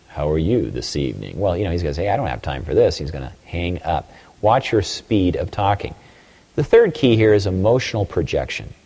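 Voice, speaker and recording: A man's voice: fairly low pitch, warm tone, in a large hall. A man giving a recorded sales training talk, coaching emphatically and acting out phone-call examples.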